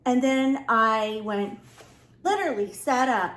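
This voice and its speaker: High-voiced woman telling a story animatedly. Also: slow pace. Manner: animated, acts out both sides of the story. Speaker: lifestyle vlogger. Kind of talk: casual storytelling to camera. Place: home room. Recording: echoey room.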